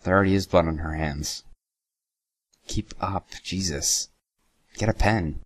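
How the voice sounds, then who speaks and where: A young man with a very low voice talks sarcastically through a reaction video. He swears casually and stumbles as he reads lines aloud. The sound is dry and close, with no room around it. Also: unhurried, no echo.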